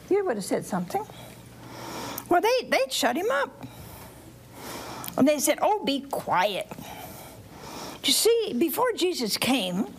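Woman preacher, higher voice, very expressive pitch, asks the crowd questions, whispers asides, faint hum of room behind. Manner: animated, quizzing the audience with questions. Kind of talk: sermon to children and families.

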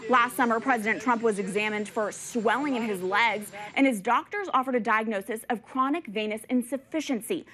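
A woman anchoring a news program, reading scripted reports in a clear, measured delivery. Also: on the high side, fairly bright tone, poor audio.

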